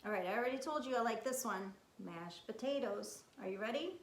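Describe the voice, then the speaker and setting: Bright-voiced woman teaching young kids. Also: fairly high pitch, animated, brisk, a little hiss or hum. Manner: coaxing, asks young viewers questions. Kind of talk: children's lesson with picture cards. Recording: echoey room.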